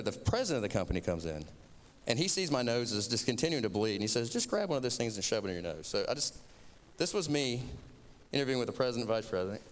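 A man's voice: mid-range voice, big-room sound, a little hiss or hum. Southern man preaching through a story. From Florida. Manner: chatty, self-mocking storytelling. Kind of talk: sermon told as a personal story.

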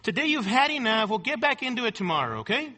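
A man's voice: very high voice, very animated, quick pace, bright, forceful tone, exaggerated voice. A man voicing a scheming male devil tempter during a sermon, with a coaxing, mock-friendly manner. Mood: mock-kindly.

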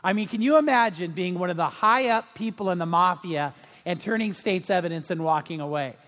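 A man's voice: high-pitched, fairly quick, a bit bright, in a large hall. A middle-aged male pastor giving a sermon, telling stories in a chatty way with many fillers. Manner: anecdotal storytelling with frequent fillers.

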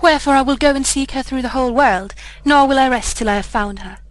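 A woman's voice: sits high, quick pace, natural voice, low-quality recording. A woman reading the part of a proud, scornful young boy in a storybook, with a haughty, cold delivery. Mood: remorseful.

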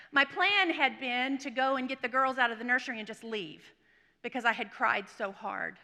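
A woman preacher giving a chapel sermon, telling a personal story that moves between hushed whispers and emphatic bursts. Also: a little high. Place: seminary chapel. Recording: long reverb of a chapel.

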